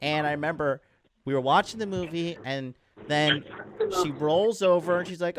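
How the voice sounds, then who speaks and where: A man's voice: fairly high pitch, normal speed, background noise. A man coaching male viewers on dating in a blunt, profane rant, clipping off his own swear words and hammering each point with "all right?". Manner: hammers points with repeated tag questions. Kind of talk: ranting monologue to male viewers.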